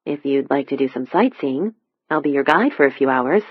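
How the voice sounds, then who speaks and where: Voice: mid-range voice, animated, moderate pace, breathy edge, no room sound. Gracious club owner, read plainly by the narrator; mid voice, dull dry audiobook sound. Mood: friendly. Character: American woman club owner in Japan, poised, gracious. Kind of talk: audiobook dialogue.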